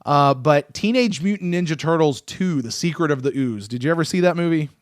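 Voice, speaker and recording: Animated male podcast host, dry close mic. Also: a little high, a little fast, no echo. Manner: excitable, animated, self-interrupting. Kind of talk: casual sports podcast chat.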